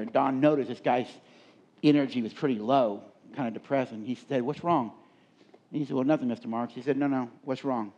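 The workshop speaker's medium-pitched voice is mellow, though the audio is dull. He is a middle-aged man leading a live leadership seminar, mixing stories with conversational questions to the audience.

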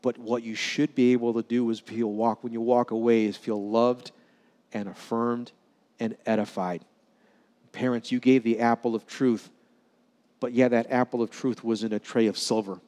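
A male pastor delivers a sermon in a church sanctuary, his voice trailing off into a long reverb. He tells stories and acts out the dialogue, at times sinking to a soft, quiet tone. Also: mid-range voice, little pitch movement, moderate pace. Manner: storytelling, acts out dialogue with sudden drops to soft tones.

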